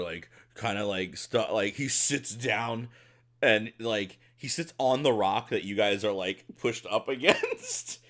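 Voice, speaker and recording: A man's voice: on the low side, a bit bright. A man narrating as game master of a tabletop game, rambling with lots of fillers.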